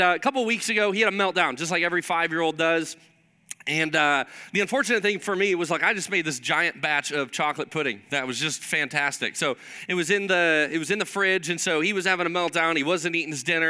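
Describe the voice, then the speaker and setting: A male pastor delivering a sermon in a lively storytelling manner. His voice sits a little high and comes across bright and forceful.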